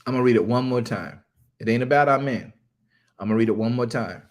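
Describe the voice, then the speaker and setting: Guy preaching to his church, jokey and casual, drags out the bible verses slow and heavy, mid pitch. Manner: playful, teasing banter with the congregation; reads scripture slowly and emphatically, repeating lines. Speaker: preacher addressing a congregation. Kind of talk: sermon with scripture reading.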